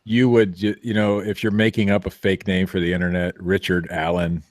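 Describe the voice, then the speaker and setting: A low-voiced man hosts a podcast, chatting casually and joking as he rambles through restarts. The sound is dry and close. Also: little pitch movement, brisk, no echo. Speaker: podcast host. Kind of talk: casual banter.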